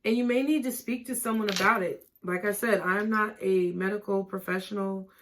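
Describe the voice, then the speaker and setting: A woman giving a tarot reading, talking gently and reassuringly and often checking in with "okay?". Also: medium pitch, fairly even intonation, normal speed, slight background noise. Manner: casual, laughing and swearing at times. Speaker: tarot reader.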